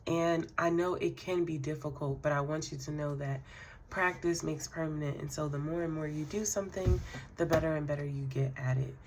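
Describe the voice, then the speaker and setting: A tarot card reader talks fairly quickly in a deep voice, with slight background noise behind her. Her spiritual reading is relaxed and affirming, spoken directly to the listener, full of fillers and soft laughter.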